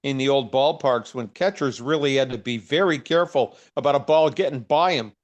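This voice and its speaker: A man in the audience asking a curious, somewhat halting question. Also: mid-range voice, muffled recording. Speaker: audience member. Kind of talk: asking a question on a video call.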